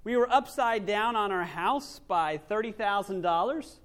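Man, pastor, high voice, sermon, animated, loud emphasis and quiet asides. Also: unhurried.

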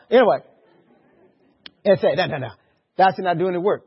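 A male pastor preaching a sermon, swinging between hushed asides and loud, lively outbursts. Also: sits high, moderate pace, pauses often, breathy edge, lo-fi sound.

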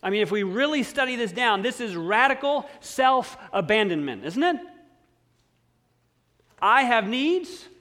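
High-voiced man preaching in a reverberant hall. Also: expressive. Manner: slow, emphatic, drops to near-quiet on key words. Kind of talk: sermon.

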